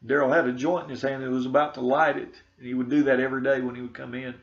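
A man's voice: mid-range voice, level tone, rapid-fire, vocal fry. A middle-aged pastor, a man, earnestly telling his conversion story and quoting the people in it. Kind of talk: spoken testimony. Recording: dull lo-fi recording.

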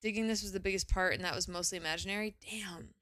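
A young woman streaming a game, chatting casually and gushing with excitement, often exclaiming and swearing. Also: mid-range voice, fast, dry recording, studio quality. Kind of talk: casual live gaming commentary.

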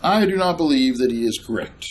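A man's voice: medium pitch, animated, fairly quick, a little hiss or hum. A man preaching a sermon, emphatic and sarcastic, repeating points with questions to the congregation. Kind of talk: sermon with slides.

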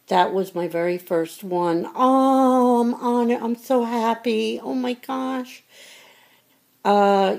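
A woman's voice: on the high side, steady tone, slow pace, creaky, darkish tone. A middle-aged woman chatting casually to her viewers as she opens fan mail, effusive and grateful and easily choked up. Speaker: vlogger opening fan mail. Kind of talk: casual chat to camera.

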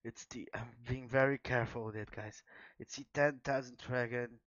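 A man chatting casually to his viewers while opening trading card packs, excitable and quick to exclaim. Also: mid-range voice, no echo. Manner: chatty, keeps addressing viewers as guys. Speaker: trading card pack opener. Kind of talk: casual unboxing chat to viewers. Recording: dull, dry lo-fi home recording.

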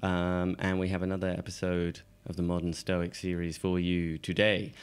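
Male podcast co-host, hoarse with a cold, deep and croaky, jokey rambling chat. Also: completely flat delivery, moderate pace. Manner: joking, laughs often, rambling asides.

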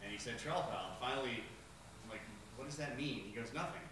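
A man's voice: medium pitch, fast. A man in the audience at a small live venue who chats and tells a story. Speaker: audience member. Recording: distant, echoey room with crowd noise.

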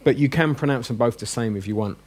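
A man teaches a room full of adult learners. He keeps a chatty, joking tone and slows down to drill each sound. His pitch sits in the middle range. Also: darkish tone, husky. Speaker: Greek teacher. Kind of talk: classroom lesson. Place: classroom with a group.

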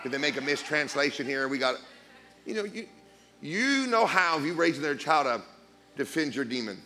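A man preaching as a guest speaker, blunt and emphatic, swinging between quiet asides and loud declarations. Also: on the high side, expressive, normal speed. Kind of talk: sermon.

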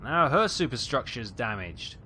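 A man giving tense, excitable live commentary on a naval battle game, calling out ranges and fire orders. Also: mid-range voice, a little slow, slight background noise. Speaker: gameplay commentator.

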